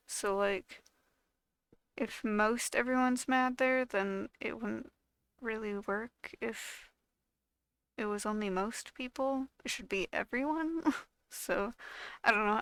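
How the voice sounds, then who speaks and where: A woman's voice: fairly high pitch, fairly bright tone, clear, resonant tone, no echo. A young woman YouTuber chatting casually to her viewers, rambling with lots of fillers and trailing off. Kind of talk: casual chat to camera.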